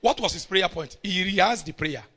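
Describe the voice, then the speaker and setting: Nigerian male preacher, middle-aged, very high and bright voice, fiery delivery, works the congregation. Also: moderate pace. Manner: animated, bursts into shouting, calls on the congregation. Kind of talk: sermon.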